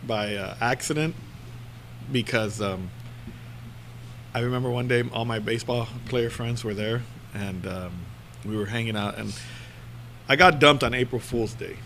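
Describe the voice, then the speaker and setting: Man, bright voice, casual storytelling, laughs a lot, light background hiss. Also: medium pitch, unhurried, pauses often. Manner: laughs often while telling stories.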